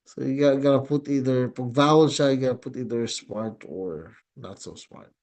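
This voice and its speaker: A man with a Filipino accent teaching a Greek class in a classroom lecture, switching languages and pausing often with fillers and restarts. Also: mid-range voice, a little mellow. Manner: code-switching, halting, many fillers and restarts.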